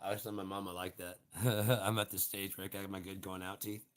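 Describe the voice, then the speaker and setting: A man's voice: low voice, level tone, fairly quick. A man in his late forties rambling through a profane, laughing solo rant. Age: 40s. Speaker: vlogger.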